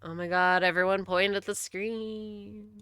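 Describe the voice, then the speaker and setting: A woman's voice: mid-range voice, fairly even intonation, measured pace, fairly bright tone, clear, resonant tone, dry recording. A young woman streaming a game, chatting casually, joking and swearing as she reads the dialogue aloud. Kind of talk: casual live-stream commentary.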